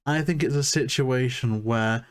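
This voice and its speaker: Male podcast co-host, mid-pitched, casual chatty review talk with dry jokes. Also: measured pace, smooth. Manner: chatty, self-deprecating humour.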